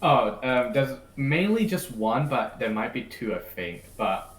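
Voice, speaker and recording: A male indie game developer answering in short, hesitant bursts, his pitch swinging lively. He sits in an echoey room well away from the mic. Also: a little slow. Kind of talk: casual interview answers. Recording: echoey room, heard from far off.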